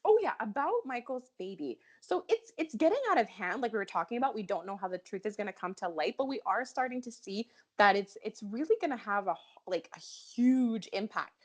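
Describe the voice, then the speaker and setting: A woman co-hosting a fan podcast in casual chat, animated and often laughing, with a head cold. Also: mid-range voice, a little fast, hardly any pauses. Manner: animated, laughs often, talks herself in circles. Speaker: podcast co-host.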